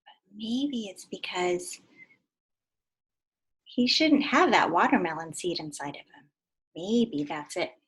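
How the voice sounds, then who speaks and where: A woman teacher reading a picture book aloud to young children in an animated way, stopping to ask them questions. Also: mid-range voice, takes it slowly, long pauses, breathy edge.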